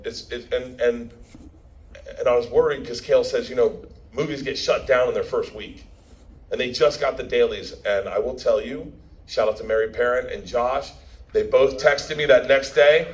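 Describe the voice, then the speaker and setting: A man's voice: medium pitch, rough recording. A man giving a speech at a premiere, telling a story in a brash, profane, laughing way and acting out the quotes. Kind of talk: stand-up style storytelling speech.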